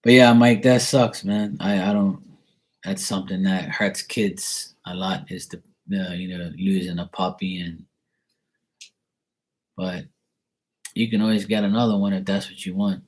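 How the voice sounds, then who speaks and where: A man's voice: low voice, flat delivery, unhurried. A man, a tarot reader, chatting casually and candidly with his live-stream viewers in a rambling, laid-back way.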